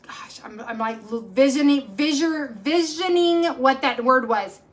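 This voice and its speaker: A woman's voice: sits high, expressive, a little slow. A woman, chatting casually and rambling to her viewers as a cooking channel host. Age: 40s. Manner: rambling, chatty, self-correcting. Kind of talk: casual livestream chat.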